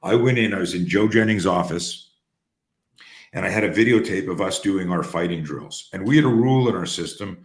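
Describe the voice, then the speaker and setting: A man hosting a talk, telling stories in a casual, animated way, sometimes swearing and restarting his sentences. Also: low-pitched, brisk, echoey room. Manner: animated, profane, restarts often. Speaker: host.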